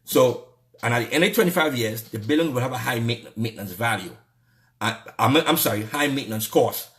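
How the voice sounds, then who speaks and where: A man's voice: medium pitch, a little fast, a bit bright. Angry Trinidadian man ranting. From Trinidad and Tobago. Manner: heated, repetitive, indignant. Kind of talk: angry political rant.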